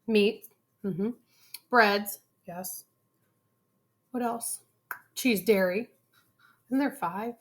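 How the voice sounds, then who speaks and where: A schoolteacher hosting a home cooking video, chatting playfully and teasing her daughter while tasting the food. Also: mid-range voice. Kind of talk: casual chat. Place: home kitchen.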